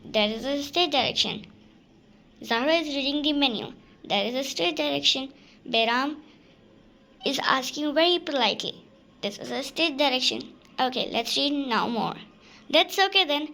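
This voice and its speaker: A woman reading a short play aloud and explaining stage directions, slowly and with fillers. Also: sits high, gravelly, bright, forceful tone. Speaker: teacher reading a dialogue.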